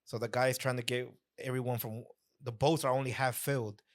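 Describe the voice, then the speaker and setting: A man's voice: mid-range voice, steady tone, a little fast. A man born in Mexico and raised in Chicago, a comedian chatting on a podcast in a laid-back, rambling, self-deprecating way. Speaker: comedian guest. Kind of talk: casual podcast chat.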